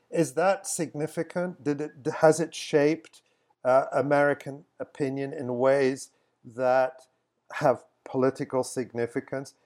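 A man's voice: medium pitch, darkish tone. Man as podcast guest, middle voice, thinks aloud, restarts a lot. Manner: reflective, often restarts sentences. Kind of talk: casual conversational answers.

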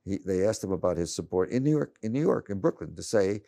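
Cranky seventy-something male journalist, deep and mellow, stammering and rambling as he talks. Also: lively intonation, fast, gravelly. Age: 70s. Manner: rambling, many restarts and stammers. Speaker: journalist guest. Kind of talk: conversational interview.

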